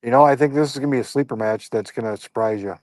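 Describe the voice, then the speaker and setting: A man's voice: mid-range voice, very fast, darkish tone, no echo. Easygoing male podcast host, dry sound. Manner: easygoing, hesitant, lots of ums and fair enoughs. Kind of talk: casual podcast recap.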